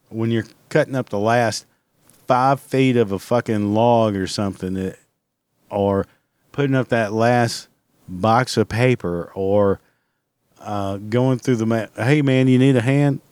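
A man's voice: on the low side, slow, darkish tone, no echo. A man hosting his own podcast from home, ranting in a casual, blunt and rambling way with constant swearing. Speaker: podcast host. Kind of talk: casual solo podcast rant.

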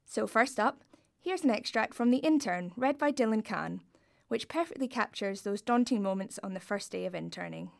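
Woman host with a creaky voice. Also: medium pitch, expressive, moderate pace. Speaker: podcast host. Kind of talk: scripted introduction.

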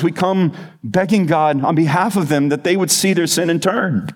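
A man preaching a sermon, building emphatic lists and slowing on key phrases. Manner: lowers to a quiet, soft voice in the closing appeal. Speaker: pastor.

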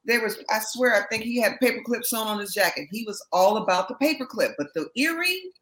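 A woman from Berkeley, a session singer, telling stories in a lively, laughing way as an interview guest. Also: on the high side, fairly quick, echoey room, rough recording. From Berkeley, California. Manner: animated storyteller, laughs often. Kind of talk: casual interview chat.

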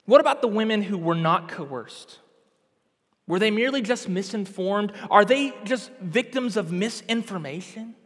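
A man's voice: high-pitched, lively intonation, moderate pace, long reverb tail. A man preaching a sermon with impassioned, emphatic delivery that rises to outbursts.

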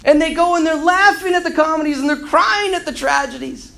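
A man giving an energetic, jokey Catholic talk to a group, acting out characters in his stories. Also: very high-pitched, a little fast. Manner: energetic and jokey, acts out quoted characters, clears throat often. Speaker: Catholic speaker who does marriage counseling. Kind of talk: animated preaching talk to a youth audience.

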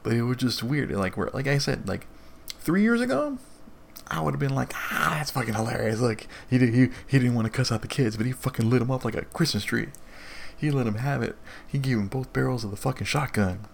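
A man's voice: medium pitch, quick pace, creaky, a little hiss or hum. A young adult man hosting a live stream, chatting casually in a rambling, profane way with many restarts. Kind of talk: casual chat.

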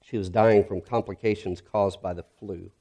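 A male pastor giving an earnest, reflective sermon that grows quiet and soft in its heavier moments. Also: on the low side, steady tone, normal speed.

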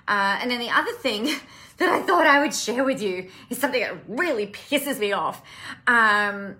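A woman's voice: on the high side, animated, moderate pace, pushed and bright. A woman business coach talking casually to camera, impassioned and blunt, swearing freely. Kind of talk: casual live-stream talk to camera.

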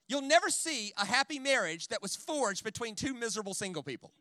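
A man preaching a sermon in a church in an animated, conversational way, full of jokes and quick "right?" asides. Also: extremely high pitch, dry recording, studio quality. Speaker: guest preacher. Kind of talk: sermon with storytelling.

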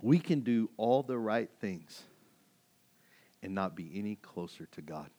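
A man's voice: fairly low pitch, lively intonation, unhurried, mellow. A man preaching a sermon as a pastor, emphatic and conversational, full of rhetorical questions.

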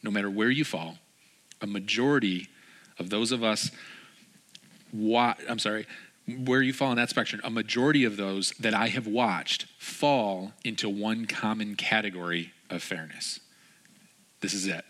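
A man in his thirties preaching a sermon in a lively way, acting out quoted people in changed voices. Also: lowish voice, normal speed. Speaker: pastor.

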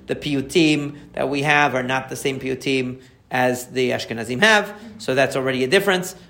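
A man, a rabbi, explaining prayer in a conversational lesson, answering a listener's questions and repeating key phrases as he warms up. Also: mid-range voice.

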